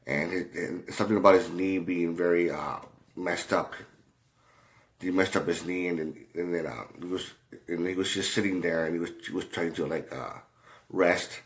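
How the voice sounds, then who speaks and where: A man telling a rambling story in a casual way, halting often, with many fillers and restarts and a lot of swearing. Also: low voice, fairly even intonation. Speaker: commentator.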